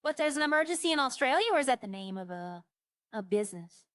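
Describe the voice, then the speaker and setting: A woman's voice: high-pitched, expressive, fast talker, fairly bright tone, no room sound. A woman chatting casually on a roleplay stream, rambling through funny stories and imitating the people she quotes.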